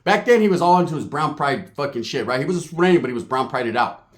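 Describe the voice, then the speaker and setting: A man telling a comic story, animated and profane, acting out the voices of the people in it. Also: on the high side, quick pace. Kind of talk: comedic storytelling.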